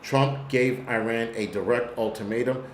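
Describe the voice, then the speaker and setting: Steady in tone and moderate in pace, this mid-range male voice with a New York accent hosts a live-stream commentary. He rants bluntly and profanely, rambling as he goes, in a roomy-sounding space with a little hiss or hum.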